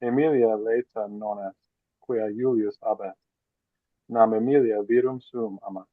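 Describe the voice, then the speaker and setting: A man's voice: fairly low pitch, fairly even intonation, moderate pace, dry recording. A man reads a Latin passage aloud for his class, careful and a bit hesitant. The audio is dry and thin, like a phone line on a video call. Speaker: student reading aloud.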